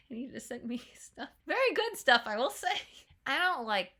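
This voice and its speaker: A young woman talks through her reaction in a bright, slightly high voice. She is chatty and laughs often. Now and then she drops into quick playful character voices. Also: expressive. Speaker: trailer reaction host. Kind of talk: casual reaction commentary.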